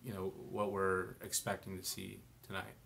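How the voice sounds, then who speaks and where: A man co-hosting a casual live-stream discussion, thinking aloud in a relaxed way with lots of "you know" and "like". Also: deep voice, normal speed, creaky, slight background noise. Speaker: co-host.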